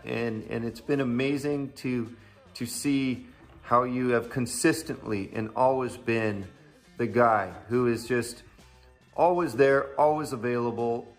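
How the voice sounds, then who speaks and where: Gravelly guy stumbling warmly through a birthday message. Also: mid-range voice. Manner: halting, many restarts and fillers. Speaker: friend sending a video greeting. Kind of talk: heartfelt birthday tribute.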